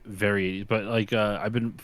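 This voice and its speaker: A man with a fairly low voice chats casually on a live stream. He rambles through his stories, restarting his sentences often. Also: level tone, normal speed, no room sound. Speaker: podcast co-host. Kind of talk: casual chat.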